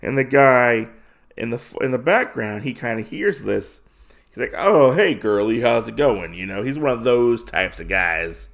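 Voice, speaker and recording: A man's voice: medium pitch, animated, moderate pace, gravelly, fairly bright tone. A man hosting a podcast, casually recapping a comic in a rambling way with lots of fillers. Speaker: podcast host.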